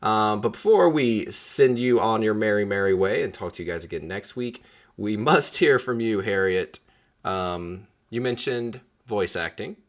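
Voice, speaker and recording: A man's voice: fairly low pitch, expressive, unhurried. A man hosting a podcast interview, talking casually with jokes and lots of fillers. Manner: rambling, joking, many fillers. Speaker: podcast host.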